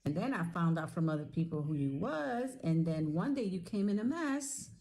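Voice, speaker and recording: A middle-aged woman with a low voice talks straight to the camera in a casual video message. Her tone is warm and mellow, and she tells her story in a chatty, animated, teasing way. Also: moderate pace, poor audio. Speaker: retired sailor, friend giving a video tribute.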